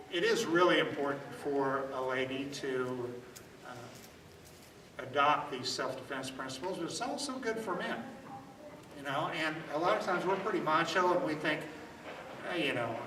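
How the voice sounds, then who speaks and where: A man leads a self-defense workshop in a loose, demonstrative way, often checking in with "okay?". His voice is fairly high and bright. He's picked up from a distance in an echoey room. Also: slight background noise.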